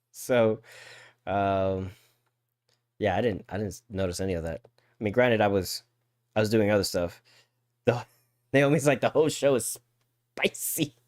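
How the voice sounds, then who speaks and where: Clean studio sound with no room echo carries this co-host's low voice as he talks at a measured pace, pausing often. Chatting casually on a live podcast stream, he stammers, doubles up on words and reads the chat out loud.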